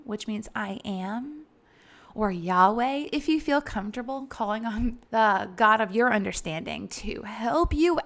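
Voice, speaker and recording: A woman yoga teacher giving a casual, chatty lesson on calming breathing and laughing now and then. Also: on the high side. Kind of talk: casual instructional talk.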